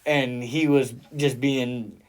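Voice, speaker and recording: A man tells a story in loose, animated podcast chat, swearing freely and breaking into laughter. His voice sits at a middle pitch and bounces with excitement. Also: slow. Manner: animated, profane, laughs often while telling a story.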